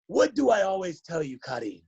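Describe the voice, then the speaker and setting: An insistent older Nigerian father with a Nigerian accent, as a man puts him on, pitched well above his own voice. He hammers each point home and keeps coming back to the young man's name. The tone stays mellow and warm. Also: very animated, a little fast, husky, highs cut off. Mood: urging. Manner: repeats the name, emphatic and urging. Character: wise older Nigerian father, a teammate's dad, insistent and encouraging.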